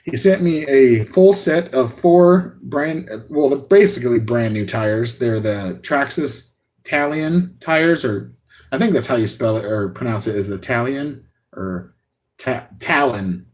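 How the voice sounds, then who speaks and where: A man hosting a live unboxing stream, talking excitedly and rambling with many restarts and laughs. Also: medium pitch. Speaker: RC hobby channel host.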